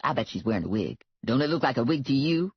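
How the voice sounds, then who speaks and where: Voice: medium pitch, very animated, fast talker, husky, no room sound, exaggerated voice. Narrator doing a brassy, bossy woman sidekick. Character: loud sassy woman sidekick, pushy. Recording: dull lo-fi, dry.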